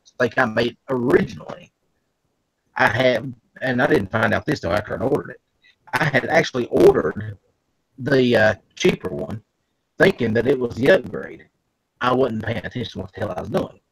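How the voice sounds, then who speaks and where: A man calling in from home and telling a folksy, animated story. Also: mid-range voice, moderate pace, gravelly, no room sound, poor audio. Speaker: guest on an online call. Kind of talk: casual chat. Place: at home, late at night.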